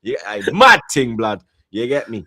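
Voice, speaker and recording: A man chatting casually on a football stream, rambling through shout-outs with slang and repeated "you get me". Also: medium pitch, sing-song, moderate pace, no echo, studio quality. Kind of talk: casual chat, reading out super chats.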